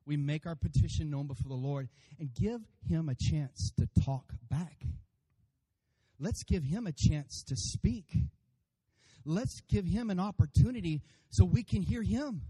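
A pastor preaching a sermon to his congregation, animated and playful, acting out voices and calling for amens. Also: fairly high pitch, unhurried, husky. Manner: animated, acts out funny voices for God and congregants; addresses congregation by name, calls for amens.

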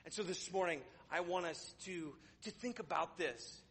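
Bright husky-voiced pastor preaching. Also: male voice, high voice, normal speed. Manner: conversational with sarcastic humor, hesitant restarts. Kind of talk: sermon. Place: church.

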